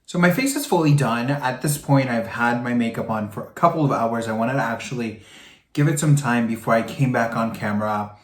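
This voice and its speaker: A man vlogging while doing his makeup, chatting in a campy, animated way with big swoops in pitch and frequent "girl" and "honey.". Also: brisk. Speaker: makeup vlogger demonstrating products. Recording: echoey room.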